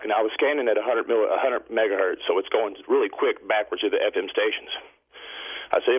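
A man phoning into a radio talk show, telling a long story in a rambling, halting way full of fillers. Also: fairly low pitch, slightly rough. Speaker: caller. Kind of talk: call-in storytelling. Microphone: telephone. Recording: tinny phone line.

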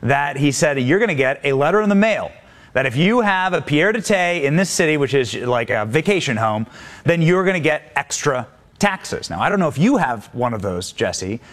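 A man's voice: fairly high pitch, sing-song, moderate pace, fairly bright tone. A man co-hosting a talk show with casual, mocking political banter. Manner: mocking, sarcastic. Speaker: co-host.

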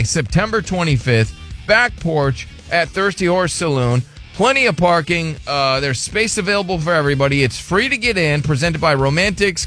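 A man hosting a radio show, chatting casually, rambling and repeating words in quick bursts. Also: a little high, a bit bright.

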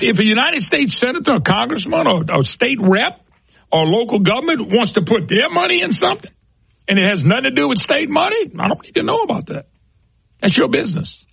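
A man delivers opinionated talk-show commentary in a raised, gravelly voice with a husky edge. He is emphatic and folksy and keeps calling his listeners folks. The sound is close and dry. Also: high voice, fairly bright tone, no echo, rough recording.

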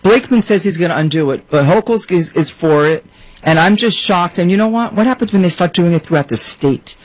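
A woman who is a real estate guest on a panel, speaking forcefully and with alarm in rapid lists. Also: fairly low pitch, expressive, no echo, low-quality recording. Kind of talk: panel discussion.

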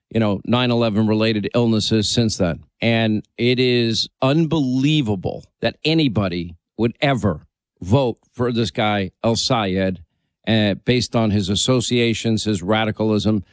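A man's voice: lowish voice, measured pace, no echo. A man hosting a talk radio show, speaking emphatically and urgently, repeating phrases for emphasis.

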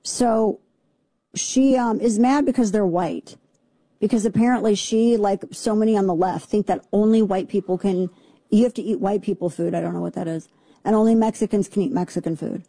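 A woman's voice: medium pitch, moderate pace, warm tone, slightly rough, no echo. A woman hosting a talk radio show, giving indignant, sarcastic commentary.

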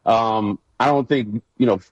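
A man in his thirties, a guest and former pro football player, telling stories in a casual, animated way and acting out his coaches' yelling. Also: lowish voice, measured pace, dry recording, dull audio. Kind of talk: casual storytelling on a radio show.

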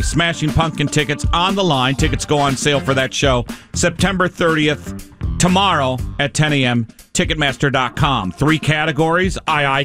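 A man hosting a call-in trivia game on the radio, playful and teasing as quizmaster. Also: fairly high pitch.

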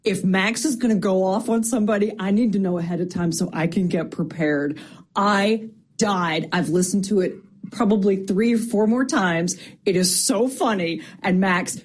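A woman with a husky voice leaving an excited, gushing voicemail for a radio show. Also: medium pitch, normal speed. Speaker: caller leaving a voice message. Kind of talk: recorded listener voicemail.

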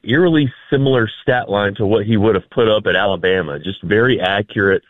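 A man's voice: lowish voice, fairly quick, few pauses, no echo. A man giving easygoing sports analysis with dry humor and many fillers. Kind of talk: casual sports talk. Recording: dry, tinny phone line.

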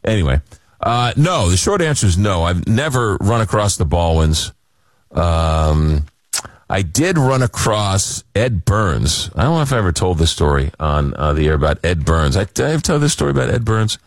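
A man hosts a late-night call-in radio show. His low voice swings widely in pitch as he rambles through animated, self-deprecating stories. The sound is dry and close. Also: moderate pace, dry recording. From Long Island, New York. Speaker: radio talk show host. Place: radio studio.

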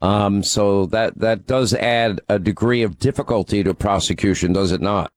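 A man's voice: lowish voice, normal speed, dry recording. A man hosting a political talk radio show, opinionated and teasing with callers.

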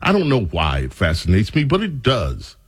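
A man's voice: fairly low pitch, husky, dry recording, studio quality. A man hosting a talk radio show, mocking and opinionated, who stretches out his words. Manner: mocking, animated, drawn-out words.

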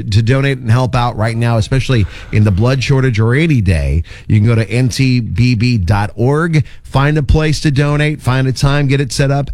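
An upbeat male radio host in the middle of his range, reading listener shout-outs and community notices. His voice is close and dry, recorded on a studio mic with no room sound. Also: medium pitch, dry recording. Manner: upbeat, reads announcements. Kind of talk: morning radio banter.

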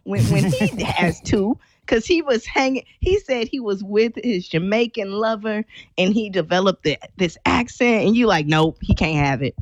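A woman hosts a podcast in loose, casual chat, her voice swinging widely in pitch as she teases and laughs. The sound is close and dry, with no room around her. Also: lively intonation, moderate pace, no echo. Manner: laughs often, teasing. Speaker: podcast host.

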